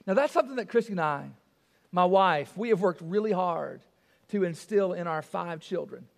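A man's voice: high-pitched, lively intonation, a little fast, long reverb tail. A male pastor preaching a sermon. He is emphatic, repeats key phrases and asks the congregation rhetorical questions.

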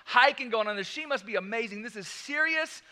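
A man preaching a sermon as pastor, telling a story in an animated way with laughing asides. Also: very high voice, fairly quick.

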